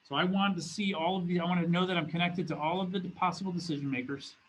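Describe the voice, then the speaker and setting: A man's voice: high voice, fairly even intonation, fast talker, fairly bright tone, slight background noise, low-quality recording. A man teaching as a business school professor in a recorded lecture, talking in a conversational way and often restarting his phrases. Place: classroom or studio with a document camera.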